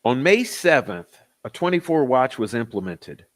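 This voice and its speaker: A man's voice: medium pitch, sing-song, moderate pace. A man reading out court testimony and commenting on it with indignant sarcasm. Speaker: true-crime commentator.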